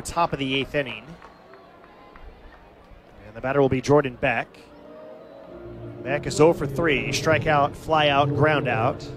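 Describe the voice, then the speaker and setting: Serving as the team's announcer, this man gives live baseball play-by-play in steady, statistics-heavy recaps of the game. His voice sits a little high.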